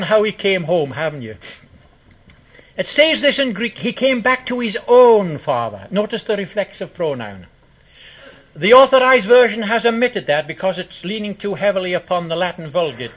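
A man preaching a sermon, telling stories with acted quotes and sudden shifts between loud and soft. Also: sits high, very animated, normal speed. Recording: dull lo-fi sermon recording.

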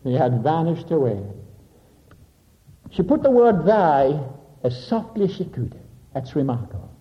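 A man preaching with a high, very lively voice that swoops up and then sinks to a hushed low tone for emphasis. He dwells on the meanings of Greek words. The recording is dull and lo-fi. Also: moderate pace. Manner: dramatic, drops to soft low voice for emphasis; expounds Greek word meanings. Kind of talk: sermon.

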